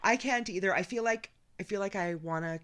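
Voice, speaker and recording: A woman from Canada co-hosting a podcast, chatting casually with enthusiastic, excitable energy. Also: medium pitch, a little fast, clean tone. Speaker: podcast co-host. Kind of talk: casual chat.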